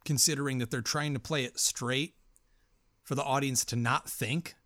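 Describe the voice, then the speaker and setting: A man co-hosts a loose movie chat, swearing freely and wandering through his thoughts. His voice sits at an ordinary pitch, caught on a dry close mic with no room sound. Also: normal speed, no echo. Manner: profane, rambling, animated. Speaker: podcast co-host. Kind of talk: casual film discussion.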